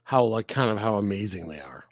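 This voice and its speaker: A man co-hosting a film review podcast in casual chat, animated and laughing often as he retells scenes. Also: on the low side, fairly quick, no room sound, clean studio sound. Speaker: podcast co-host reviewing films.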